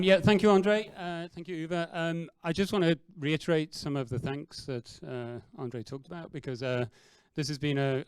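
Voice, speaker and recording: A man's voice: medium pitch, clear, resonant tone, no echo. A man moderating a conference panel, friendly and hesitant, with many fillers. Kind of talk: event moderation. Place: stage at a fintech demo day event.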